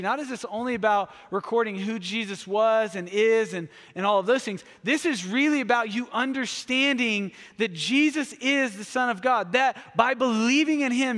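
A man preaching a sermon, energetic and humorous, slipping into playful voices for asides. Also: extremely high pitch, in a large hall. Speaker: pastor.

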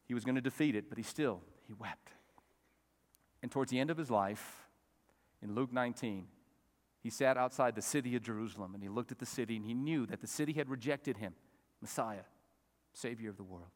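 A man preaches to his congregation in a church sanctuary. His voice sits at a middling pitch, and the hall gives it a long, ringing reverb. He climbs to loud, emphatic peaks and then falls away to soft, hushed asides. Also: a little fast, long pauses. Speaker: pastor. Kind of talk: sermon.

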